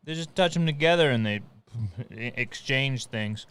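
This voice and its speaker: A man with a smooth, clear voice chats on a casual talk show. He tells stories in an animated way and tosses in quick asides. His pitch stays middle of the road. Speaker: podcast co-host. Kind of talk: casual chat.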